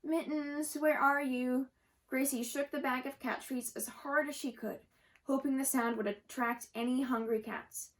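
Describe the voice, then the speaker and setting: A woman reading a children's story aloud in a gentle manner, with occasional slips she corrects. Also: high-pitched, fairly even intonation, normal speed, poor audio.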